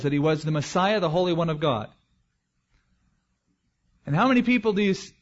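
A man's voice: fairly high pitch, expressive, fairly quick, pauses often, lo-fi sound. A man as pastor, preaching a verse-by-verse expository sermon in a conversational way with joking asides.

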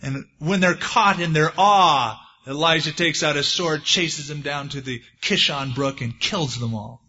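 Preacher man telling a bible story folksy, higher voice, dull old recording. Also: unhurried, slightly rough. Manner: folksy storytelling, acts out quotes with lively swings. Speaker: pastor. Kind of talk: sermon.

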